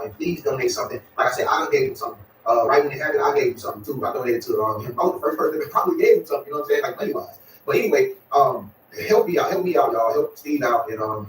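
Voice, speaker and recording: A man's voice: mid-range voice, roomy sound, recorded from a distance, slight background noise, rough recording. A man, talking casually to his viewers in a rambling way, full of "y'all" and "you know what I'm saying.". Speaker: vlogger.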